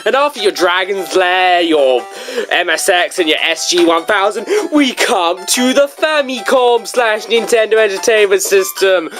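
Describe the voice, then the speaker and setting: Slow jokey reviewer rambling through a book, pitch all over the place, quiet music behind. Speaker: video game book reviewer. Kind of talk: casual review video.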